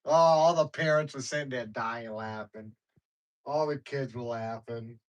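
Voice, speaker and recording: A man with a medium-pitched voice hosts a livestream, chatting casually with viewers at an unhurried pace. He tells rambling stories in slangy speech and laughs often. The recording is rough.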